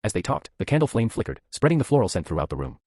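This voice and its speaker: A man narrating a novel chapter summary in a brisk, lively storytelling manner. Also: lowish voice, breathy edge, dry recording, clean studio sound.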